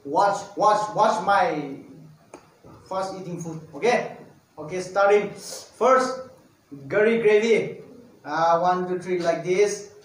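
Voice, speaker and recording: Brief: high-pitched man, comic mukbang vlogger, broken English, recorded from afar in a very echoey room. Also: slight background noise. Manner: halting, broken English with playful asides. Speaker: comedy vlogger. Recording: echoey room, far from the mic.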